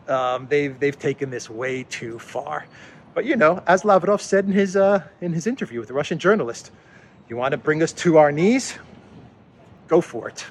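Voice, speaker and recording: A male host giving casual political commentary in a sarcastic, scoffing way, breaking into laughter often. His voice sits a little high for a man, and faint noise lies behind it. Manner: sarcastic, laughs often, acts out mock impressions.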